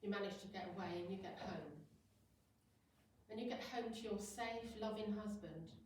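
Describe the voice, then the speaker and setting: A woman's voice: medium pitch, normal speed, darkish tone, slight background noise. Brief: middle-aged woman, hypnotherapist at a meeting, chatty, acts out examples; heavy room echo, distant mic. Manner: chatty, acts out little scenes in quoted voices. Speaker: hypnotherapist giving a talk. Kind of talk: informal talk to an audience. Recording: very echoey room, voice far from mic.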